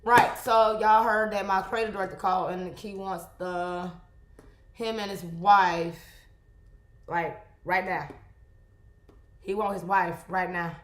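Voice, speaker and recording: A young woman photographer chatting casually to viewers while she edits, talking in an animated, exclaiming way. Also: medium pitch, slow pace, pauses often. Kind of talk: casual vlog chat while editing photos. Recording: echoey room.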